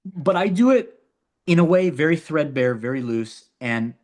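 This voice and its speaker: A man's voice: on the high side, animated, normal speed, darkish tone. A man being interviewed about his own filmmaking, talking animatedly and often repeating words and restarting his sentences. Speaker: filmmaker guest. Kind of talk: casual interview talk.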